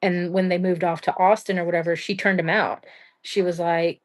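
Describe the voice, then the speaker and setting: A woman's voice: fairly low pitch, flat delivery, moderate pace. A young adult woman hosting a livestream, telling a true-crime story in a blunt, rambling way full of "like" and casual swearing. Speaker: livestream host.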